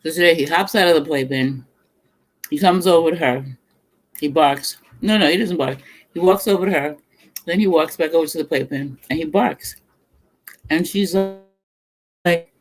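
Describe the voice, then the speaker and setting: On a livestream, a middle-aged cooking vlogger eats and chats casually, telling stories, laughing often, and murmuring over the food between bites. The voice is medium-pitched at a moderate pace, with long pauses.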